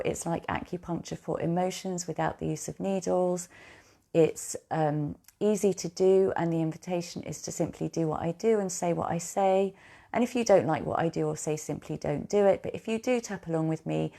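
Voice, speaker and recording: Woman coach guiding a tapping session; low, gravelly, mellow voice, slow repeated affirmations. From United Kingdom. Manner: slow, repetitive affirmations for the listener to echo.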